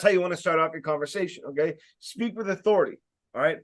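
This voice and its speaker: A man giving a casual sales training talk, speaking loudly and emphatically, with rambling jokey asides and plenty of fillers. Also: on the high side, quick pace. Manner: loud, emphatic, projecting voice.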